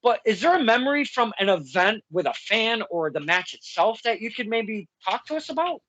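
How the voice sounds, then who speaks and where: A chatty interviewer who keeps laughing through their own stories, with a lively voice that swings up and down in pitch. The recording is dry and close, with no room sound. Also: moderate pace, dry recording, highs cut off. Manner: animated, laughs often mid-sentence. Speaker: podcast interviewer. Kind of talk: casual interview chat.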